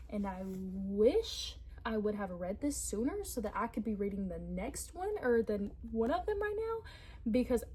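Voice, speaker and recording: A young woman chatting casually to camera about books, rambling and animated. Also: medium pitch, poor audio. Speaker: book vlogger.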